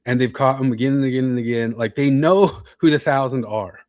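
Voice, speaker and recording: A man's voice: mid-range voice, fairly quick, darkish tone, no room sound. Rambling man hosting a podcast, dry sound. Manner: rambling, with restarts and reading chat comments aloud. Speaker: podcast host. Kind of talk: casual chat.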